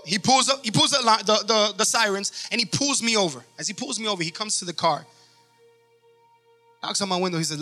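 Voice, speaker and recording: A man's voice: high voice, a little fast, bright, forceful tone, faint music behind. A man pastor preaching a sermon with emphasis, acting out stories as he goes.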